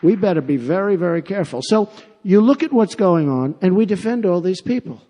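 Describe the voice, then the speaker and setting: A man's voice: high-pitched, expressive, fairly quick, mellow. A man giving a campaign rally speech. He talks off the cuff, repeats himself and boasts. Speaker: political candidate. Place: large rally venue. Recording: long arena reverb.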